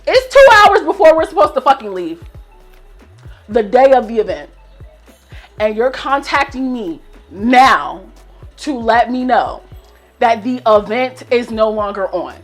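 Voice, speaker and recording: A woman's voice: on the high side, animated, unhurried, long pauses, faint music behind. A young woman in her twenties telling a storytime rant to her viewers, swearing and fired up as she vents. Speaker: vlogger.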